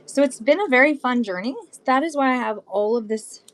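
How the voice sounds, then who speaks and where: A woman's voice: high voice, a little fast, a bit bright. A bubbly, chatty woman from Southern California, in her thirties, hosting a live shopping stream. She talks straight to her viewers in a loose, friendly flow and holds items up as she goes. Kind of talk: casual live-stream selling chat.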